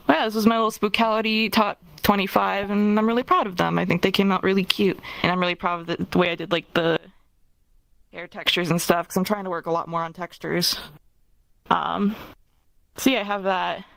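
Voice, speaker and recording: A woman's voice: lowish voice, gravelly, no room sound, low-quality recording. A woman casually showing off an avatar she made, rambling with lots of ums. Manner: rambling, full of ums and soft hedges. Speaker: avatar creator presenting her work. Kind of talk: casual showcase chat.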